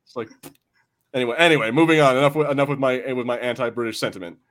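A man's voice: medium pitch, fast, fairly bright tone. An American man co-hosting a podcast, joking and swearing freely in casual chat. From United States. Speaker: podcast co-host.

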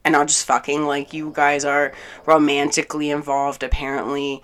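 A young woman with a low, dark-pitched voice tells a story in a casual vlog. She is angry and exasperated, swears often and acts out each side of an argument with lively energy. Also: moderate pace, clear, resonant tone. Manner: animated, swears a lot, acts out both sides of the argument.

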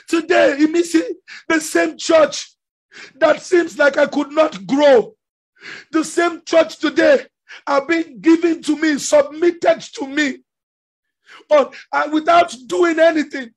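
A man preaching a sermon with passion, often shouting. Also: extremely high pitch, slow. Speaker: pastor.

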